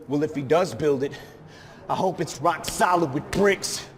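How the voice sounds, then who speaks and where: A man's voice: on the high side, unhurried. A man rapping a verse with a rhythmic, defiant delivery. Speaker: rapper. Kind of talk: rap verse. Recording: long hall reverb.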